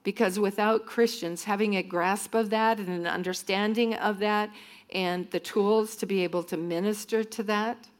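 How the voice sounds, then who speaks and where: A woman minister speaks to students in a church group, delivering a sermon-style talk built on stories and often acting out what others said. Her voice is mid-range, with a steady tone and normal speed.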